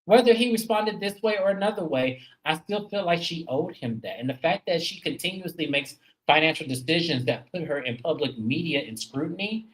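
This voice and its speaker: A woman's voice: low voice, expressive, brisk, few pauses, poor audio. A woman hosting a reality TV recap in casual commentary, blunt and emphatic, cursing freely and talking straight to her viewers.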